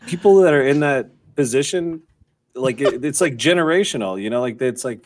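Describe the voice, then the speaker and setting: A man's voice: mid-range voice, animated, normal speed, slight background noise. A man co-hosting a podcast, chatting casually about actors in a rambling, hedging way. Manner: rambling, hedging, many restarts. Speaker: podcast co-host. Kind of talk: casual chat.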